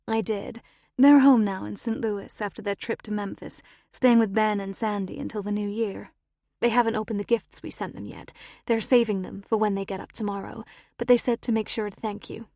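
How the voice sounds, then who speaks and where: A bright, friendly American wife of a village vicar in an audiobook, as the woman narrator puts her on. She chats warmly at a middle pitch. The sound is dry and close. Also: steady tone, normal speed, creaky, no echo, natural voice.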